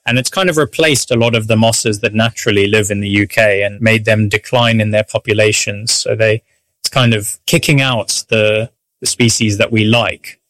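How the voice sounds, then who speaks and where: A man's voice: on the low side, steady tone, moderate pace, fairly bright tone, no echo. A man, a scientist, explaining his research in a plain, explanatory way. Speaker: scientist guest. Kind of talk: explaining research in a podcast clip.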